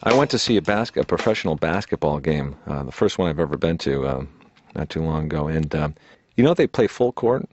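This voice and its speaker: With a very deep voice delivers dry deadpan one-liners as a cartoon patient. The sound is dull and close, with no room echo. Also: male voice, a little fast. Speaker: comedian as therapy patient. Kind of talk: stand-up routine.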